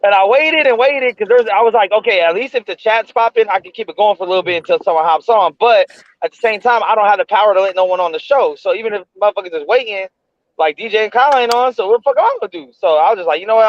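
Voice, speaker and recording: A man in his thirties co-hosting a casual show, telling a story in animated, slangy speech with lots of swearing. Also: high voice, rapid-fire, dry recording, dull audio. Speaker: podcast co-host.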